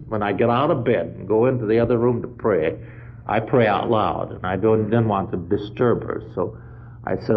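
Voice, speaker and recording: A man's voice: fairly low pitch, a little hiss or hum. Man preaching over a dull lo-fi recording. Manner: retells a story with frequent "he said", surging to loud emphatic peaks. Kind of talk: storytelling sermon.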